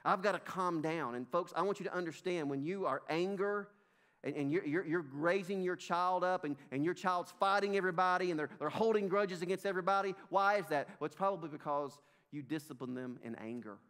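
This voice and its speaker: A man's voice: sits high, a little fast, a bit bright, clear, resonant tone. A middle-aged man with a Southern US accent preaching a sermon in church, emphatic and repetitive, calling his congregation "folks.". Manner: emphatic, repeats himself, addresses congregation as folks. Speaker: pastor. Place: church sanctuary.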